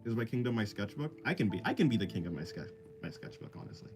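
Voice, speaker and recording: With music playing behind him, a man livestreams his sketching, talking quickly in a lowish voice with big pitch swings. He reads chat out loud and rambles about himself in a self-deprecating way, laughing often.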